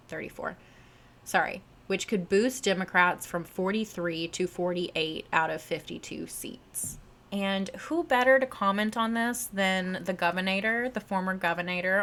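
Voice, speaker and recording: A woman's voice: fairly low pitch, fairly bright tone. A woman hosting a political commentary show, opinionated and talking straight to her listeners. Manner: opinionated, direct asides to listeners. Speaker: podcast host.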